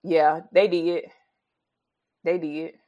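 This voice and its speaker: A woman co-hosting a casual podcast chat, telling stories in an expressive, playful and dramatic way. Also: sits low, very slow. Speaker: podcast co-host.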